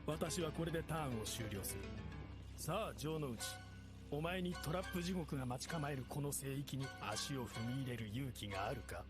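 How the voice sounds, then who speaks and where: A man's voice: medium pitch, animated, fast talker, lightly acted. A man voicing a menacing male villain duelist in an anime, speaking in a cold, commanding way. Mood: taunting. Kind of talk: dubbed anime dialogue. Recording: anime clip under loud music.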